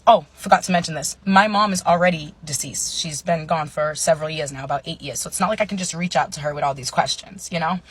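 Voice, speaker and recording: Woman in her 30s, husky, chatty storytime with hushed asides. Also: deep voice. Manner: chatty, full of fillers, drops to hushed asides. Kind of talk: casual storytime monologue.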